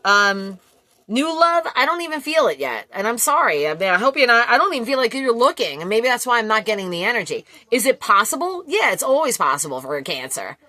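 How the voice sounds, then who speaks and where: A woman giving a casual collective tarot reading, blunt and quick to swear, laughing often. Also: on the high side, big pitch swings, bright, forceful tone, no echo. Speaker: tarot reader.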